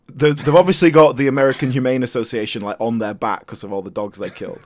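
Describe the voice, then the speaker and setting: A man's voice: mid-range voice, fairly even intonation, fast. A man with an ordinary mid-range voice on a casual film podcast. He drops dry, teasing remarks about the others. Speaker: podcast co-host. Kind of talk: casual film review chat.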